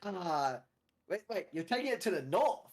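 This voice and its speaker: A man playing a tabletop game over a call, self-mocking and quick to apologize, often laughing. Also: sits high, big pitch swings. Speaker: player. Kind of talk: casual tabletop game chat.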